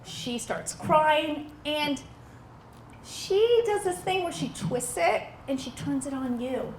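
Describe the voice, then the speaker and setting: A woman's voice: sits high, slow pace, roomy sound, slight background noise. A woman comedian telling a family story in a stand-up set outdoors, acting out the people in it as she goes. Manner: animated storytelling, acts out family members. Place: outdoor backyard show.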